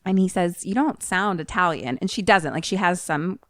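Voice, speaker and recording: An American woman co-host, her accent a mix with a little Philly and Maryland in it, rambles through a film's plot in casual chat, acting out the characters' lines and saying "like" a lot. Her voice sits a bit low with a fairly bright tone, and she's animated at a moderate pace. The sound is dry and close, with no room echo at all.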